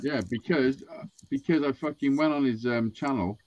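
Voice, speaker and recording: A man's voice: medium pitch, normal speed. A man telling a rambling, sweary story in casual podcast chat, acting out what people said. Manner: sweary, animated, acts out quotes. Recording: dull lo-fi sound.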